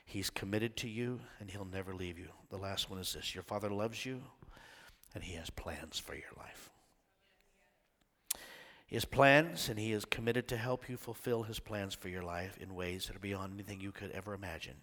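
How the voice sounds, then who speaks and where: An older man pastor preaching a sermon, swinging from loud shouts down to hushed whispers. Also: fairly low pitch, moderate pace. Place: church sanctuary. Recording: long reverb of a church hall.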